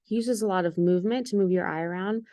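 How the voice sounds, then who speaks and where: A woman's voice: lowish voice, fast talker, mellow, no echo, studio quality. A woman teaching an art lesson in a recorded video, giving patient, step-by-step instructions with the odd "um".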